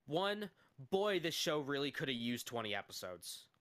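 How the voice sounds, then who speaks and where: Man co-hosting a casual podcast, bright, lively delivery, dry close mic, swears freely. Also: medium pitch, normal speed, clean tone, dry recording. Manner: profane, animated ranting. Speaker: podcast co-host.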